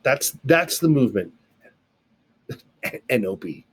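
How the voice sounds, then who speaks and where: A man's voice: medium pitch, very animated, takes it slowly, slightly rough. A man giving a casual recorded video lesson, explaining things step by step with playful sound effects and asides, recorded alone indoors on camera. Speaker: sign language teacher.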